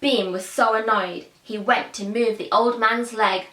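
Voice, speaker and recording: A woman's voice: fairly high pitch, fairly even intonation, unhurried, fairly bright tone. A woman telling a children's story expressively, asking her listeners questions, in an echoey room.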